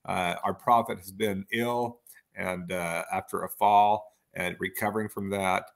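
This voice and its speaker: A man with a lowish, gravelly voice and an enthusiastic, rambling way of talking. He chimes in with quick agreements like a co-host in a relaxed conversation. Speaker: podcast co-host. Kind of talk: casual chat about church talks.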